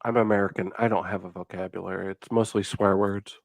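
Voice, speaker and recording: A man's voice: deep voice, fairly even intonation, brisk, creaky, a crowd in the background. A man making wry, self-mocking remarks in casual chat on a live panel show.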